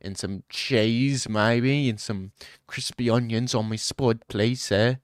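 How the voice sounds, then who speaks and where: A man's voice: medium pitch, fairly even intonation, slow pace, clean tone, no echo, studio quality, natural voice. A man putting on a mock British accent as a rowdy lad who barks "oi" while ordering food.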